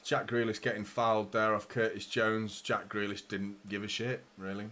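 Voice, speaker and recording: A man's voice: on the low side, level tone, normal speed, a bit bright. A young man hosting a live football watchalong, commentating with frustration, swearing and talking to his viewers. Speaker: fan channel host.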